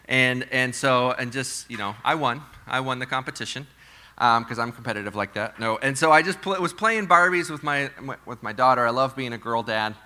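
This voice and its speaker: Bright-voiced pastor telling a family story. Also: male voice, medium pitch, normal speed. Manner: conversational and storytelling, playful asides, drops softer for reflective points. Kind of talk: sermon. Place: church sanctuary with live congregation.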